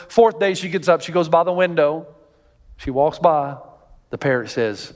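Pastor, male, high voice, lively storytelling sermon, big echoing church. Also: moderate pace. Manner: animated, jokey storytelling, rising to near-shouts.

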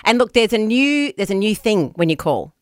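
A woman's voice: medium pitch, very animated, normal speed, no echo. A woman hosting a breakfast radio show, bubbly and often laughing, talking in a studio. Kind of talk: casual radio chat.

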